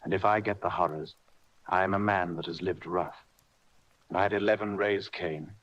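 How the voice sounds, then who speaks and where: A man voicing a sick old sea captain who talks in rough sailor slang, pleading and blustering by turns. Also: low-pitched, steady tone, normal speed, a bit bright, muffled recording. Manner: gruff, wheedling sailor talk. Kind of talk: audiobook character reading.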